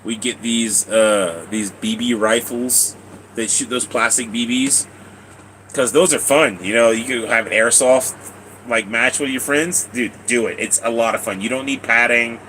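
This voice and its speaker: A man's voice: mid-range voice, steady tone, a little slow, sharp tone, a little hiss or hum, low-quality recording. A man live streaming, telling long rambling stories to his chat, repeating himself, laughing and swearing casually.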